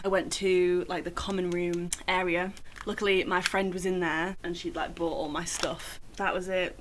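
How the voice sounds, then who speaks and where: A woman's voice: fairly low pitch, little pitch movement, a little fast, a bit bright, a little hiss or hum. A young woman telling a personal story in a casual vlog, chatty and full of "like" fillers. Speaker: vlogger.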